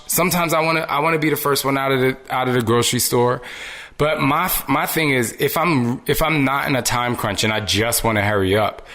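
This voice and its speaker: A man's voice: mid-range voice, fairly bright tone. A man hosting a solo podcast, talking earnestly and conversationally about everyday decency, sometimes acting out little exchanges. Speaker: podcast host. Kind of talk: solo motivational podcast talk.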